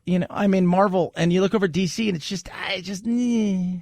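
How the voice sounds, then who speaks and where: High, gravelly-voiced male talk radio host. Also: brisk, no room sound. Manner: chatty, joking, animated. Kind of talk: casual opinionated talk radio.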